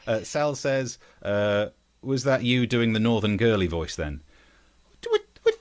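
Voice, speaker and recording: A man's voice: medium pitch, measured pace, dry recording. A man co-hosting a casual comedy news chat, joking, laughing and reading out viewer messages. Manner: jokey, laughs often, reads viewer messages. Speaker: co-host of comedy news show.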